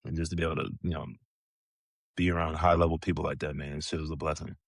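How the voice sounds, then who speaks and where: Brief: thirties male guest, deep low register, loose profane storyteller, dead-dry close mic. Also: level tone, fast, creaky, breathy edge, dry recording. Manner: laid-back, swears freely, chuckles often. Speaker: podcast guest, retired pro basketball player. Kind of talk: casual storytelling interview.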